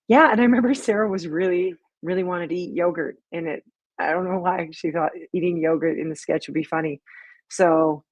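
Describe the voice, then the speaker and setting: Husky-voiced woman chatting on a live stream. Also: fairly low pitch, no echo. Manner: chatty, rambling storytelling with many fillers. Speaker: sketch comedy creator and host. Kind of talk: casual live-stream commentary.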